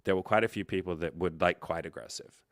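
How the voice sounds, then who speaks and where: A man with a very low voice tells a story in a casual, rambling way and corrects himself as he goes. He hosts a livestream and acts out quoted dialogue. The sound is dry and close to the mic. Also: quick pace, a bit bright, dry recording. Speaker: livestream host and coach.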